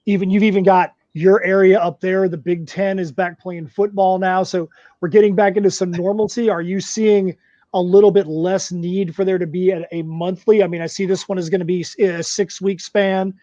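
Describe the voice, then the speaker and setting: A man's voice: high-pitched, level tone, normal speed, mellow, dry recording, dull audio. A man co-hosting a podcast in casual chat, asking long rambling questions. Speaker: co-host.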